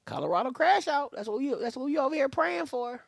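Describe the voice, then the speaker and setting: A man's voice: extremely high pitch, big pitch swings, a little fast, vocal fry, no echo, studio quality. A man hosting a live watch party, reacting to a game in a casual, slangy, trash-talking way.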